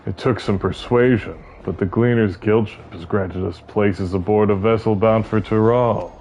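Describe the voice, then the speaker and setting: A man voicing a male traveler in a deliberately low, sultry tone while streaming a game. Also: fairly even intonation, a little mellow, muffled recording, a little hiss or hum, close to an everyday voice. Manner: low and breathy, trying to sound sultry.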